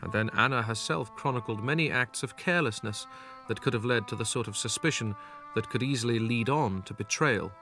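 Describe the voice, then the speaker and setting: A man giving scripted documentary narration in a measured, grave delivery. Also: medium pitch, bright, forceful tone, soft background music.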